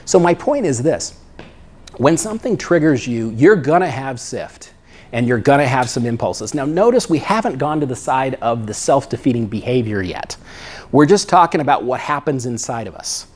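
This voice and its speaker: A man's voice: mid-range voice, expressive, normal speed, darkish tone. A middle-aged man, a psychologist, giving a conversational lecture and often checking in with "right?" and "okay?". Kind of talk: lecture talk.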